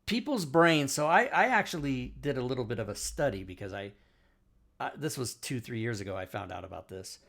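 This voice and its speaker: A man's voice: medium pitch, lively intonation, a little fast, creaky, fairly bright tone. A man hosting a casual talk show, telling anecdotes and acting out the exchanges he quotes. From Spokane, Washington, USA. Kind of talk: casual chat.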